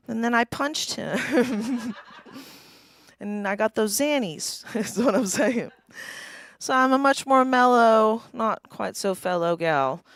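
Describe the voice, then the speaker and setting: A woman's voice: on the high side, a little slow, clear, resonant tone, no room sound. A woman in her forties performing a stand-up comedy set, wry and self-deprecating, often laughing at her own jokes. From East Tennessee. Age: 40s. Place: small live comedy venue.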